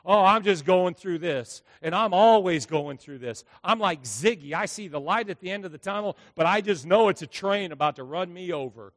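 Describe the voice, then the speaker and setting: Male pastor, slightly high voice, dramatic sermon delivery, reverberant church hall. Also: animated, fairly quick, few pauses. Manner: emphatic preaching with dramatic acted quotes and big volume swings. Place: church sanctuary.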